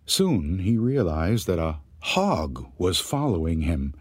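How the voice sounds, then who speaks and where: A man narrating a ghost story in a slow, dramatic storytelling manner, building suspense. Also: deep voice, big pitch swings, breathy edge, no echo, studio quality.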